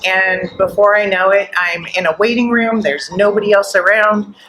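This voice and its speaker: A middle-aged woman guest at a live podcast event, telling her story in an animated way and acting out the voices she quotes. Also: medium pitch, normal speed, slight background noise, poor audio.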